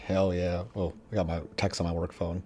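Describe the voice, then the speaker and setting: A man doing let's play commentary, excitable, swearing often and reading game text aloud. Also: deep voice, fairly quick. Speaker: gaming streamer.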